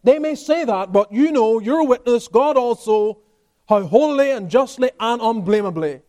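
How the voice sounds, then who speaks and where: A man with a high-pitched speaking voice preaches in church. He delivers an expository sermon, building emphasis and then dropping to quieter stretches. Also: lively intonation, moderate pace. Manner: emphatic preaching with rising and falling intensity. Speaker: pastor.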